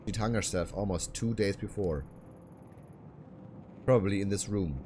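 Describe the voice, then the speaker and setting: A man's voice: fairly low pitch, normal speed, mellow, a little hiss or hum, lightly acted. A man reading a female detective's lines from a game in a plain voice. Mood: somber.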